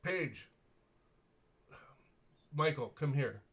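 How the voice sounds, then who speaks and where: A man's voice: on the high side, lively intonation, very slow, fairly bright tone, slightly rough, pitched above the performer's own voice, full character voice. Man doing a formal old-fashioned guard captain. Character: guard captain in a breastplate, courteous and wry.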